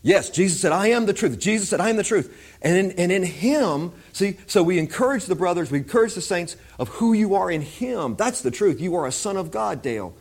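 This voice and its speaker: Male preacher, husky voice, lively swooping pitch, conversational, repeats phrases. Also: a little fast, few pauses. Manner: conversational, repeats himself, animated. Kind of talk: informal Bible teaching.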